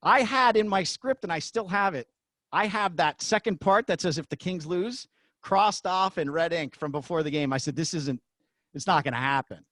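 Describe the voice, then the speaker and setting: Excitable man telling arena stories, dry sound. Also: high voice, moderate pace, dry recording. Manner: excitable, acts out shouted quotes. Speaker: guest, former arena announcer. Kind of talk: animated storytelling in a podcast interview.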